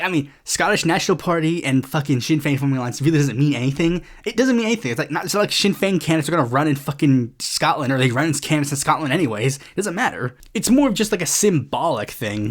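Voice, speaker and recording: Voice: mid-range voice, lively intonation. A podcast host giving casual political commentary in a rambling, sarcastic way, swearing often and full of fillers. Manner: acts out other people's lines in quick put-on voices.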